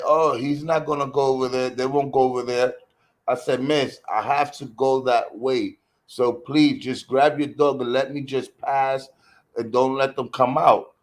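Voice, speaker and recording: Profane man telling a dog story. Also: medium pitch. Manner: profane, animated, acts out quoted voices. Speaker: guest storyteller. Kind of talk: casual storytelling.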